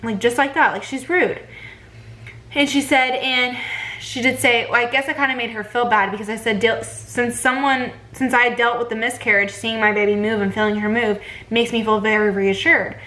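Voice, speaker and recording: Chatty bright-voiced young woman. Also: a little high, fairly even intonation, moderate pace, rough recording. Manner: chatty, lots of fillers, indignant retelling. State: pregnant. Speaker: vlogger. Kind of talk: casual storytime vlog.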